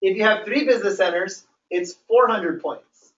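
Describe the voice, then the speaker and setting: In an echoey meeting room, a business trainer with a high-pitched, fairly bright voice coaches a live group at a moderate pace. He's emphatic and repetitive, often checking in with "okay?" during this motivational session, and the audio is distant, roomy and dull.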